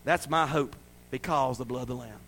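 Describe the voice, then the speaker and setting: A man from the American South preaching a sermon, swinging from loud, high-pitched exhortation to hushed intensity. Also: brisk. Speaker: pastor.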